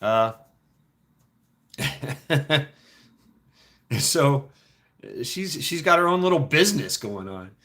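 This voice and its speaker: A man's voice: a little high, sing-song, very slow, pauses often, a bit bright. A middle-aged man telling rambling, profane stories in a casual chat, with frequent restarts. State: foot injured, limping.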